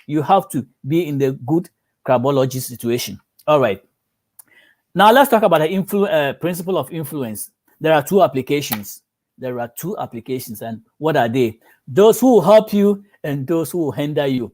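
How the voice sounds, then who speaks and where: A pastor preaching a sermon. His voice sits a little high for a man. He is a storyteller, and he slips into the voices of the people in his examples. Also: lively intonation, moderate pace, a little mellow.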